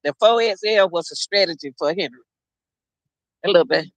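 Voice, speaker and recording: Man, middle-aged, livestream host, rambling casual chat, high-pitched, dry close recording. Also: brisk, dry recording. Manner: rambling, chatty, keeps addressing viewers.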